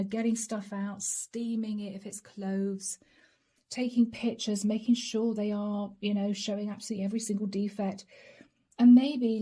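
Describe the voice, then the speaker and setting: A woman's voice: mid-range voice, mellow. A woman giving a chatty, laughing tarot reading with relatable asides. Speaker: tarot reader. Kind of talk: channeled tarot reading to camera.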